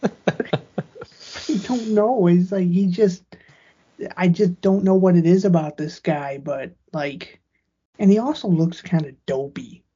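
A woman's voice: fairly low pitch, slow pace, pauses often, warm tone, husky. A woman co-hosting a podcast, chatting casually about a movie with dry, short reactions. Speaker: podcast co-host. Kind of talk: casual movie recap chat. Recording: muffled lo-fi audio.

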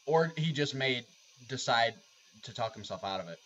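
Male podcast guest, earnest and casual, middle pitch, muffled recording. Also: animated, moderate pace, fairly bright tone. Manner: earnest, personal. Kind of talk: casual chat. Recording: dull lo-fi sound with faint hiss.

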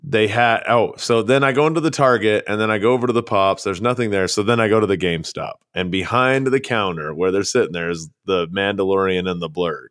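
A man's voice: on the low side, fairly quick, hardly any pauses, a bit bright, no echo, clean studio sound. A man co-hosting a podcast, chatting casually and telling rambling anecdotes. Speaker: podcast co-host. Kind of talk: casual chat.

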